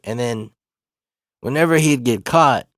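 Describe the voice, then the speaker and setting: A man casually telling a funny, profane story from his past, laid-back and animated, laughing along. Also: mid-range voice, a little slow, no room sound, studio quality. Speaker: comedic storyteller.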